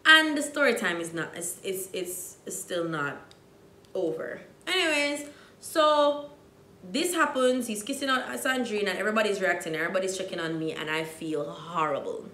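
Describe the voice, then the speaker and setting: A young Jamaican woman with a Jamaican accent, telling a dramatic storytime, dropping to hushed asides and rising to loud outbursts. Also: medium pitch, normal speed, roomy sound, a little hiss or hum. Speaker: vlogger. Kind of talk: storytime vlog.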